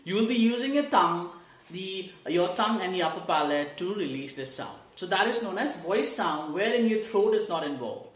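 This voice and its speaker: A woman runs an online English pronunciation lesson, explaining things step by step, asking rhetorical questions, and demonstrating sounds for learners to repeat. She speaks in a lowish voice with lively intonation at normal speed, and the room echoes.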